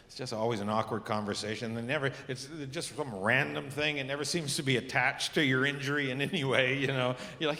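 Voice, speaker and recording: A middle-aged man doing a stand-up comedy set, telling stories in an animated, exasperated way with sudden high outbursts and a slightly sore throat. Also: fairly quick, background noise. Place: theatre stage before a live audience. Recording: live theatre recording with long hall reverb and audible audience.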